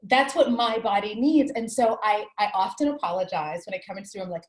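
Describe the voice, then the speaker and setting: Echo from the room surrounds a woman author as she shares a personal story in a candid interview. Her mid-range voice is animated at a normal speed, and her tone is earnest and reflective.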